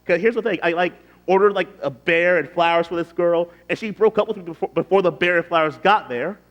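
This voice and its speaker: A man's voice: high-pitched, brisk, muffled recording. A man speaking as a youth pastor, telling personal stories to a youth group in a loose, chatty way full of fillers and restarts. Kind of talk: casual storytelling talk to a youth group.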